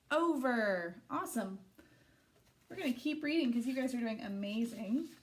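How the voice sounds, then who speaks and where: A young woman teaching a phonics lesson to small children, patiently sounding out letters and syllables and praising each attempt. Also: on the high side.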